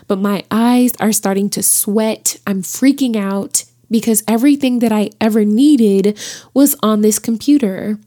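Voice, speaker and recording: A woman podcast host telling a personal story in a lively, chatty way, talking straight to her listeners. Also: on the high side, a little slow.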